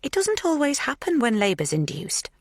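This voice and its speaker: A woman's voice: sits high, wildly swooping pitch, moderate pace, slightly rough, no room sound, studio quality, voice pushed up, full character voice. Woman doing a creepy sing-song captor. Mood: sweetly menacing. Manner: sing-song, soothing, coaxing.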